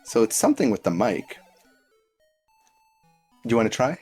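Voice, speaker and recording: A woman's voice: rumbling low, very animated, moderate pace, warm tone, husky, soft background music. A woman streaming a game, chatting casually, teasing and coaxing her companion and often breaking into laughter. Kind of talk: casual live-stream chat while playing.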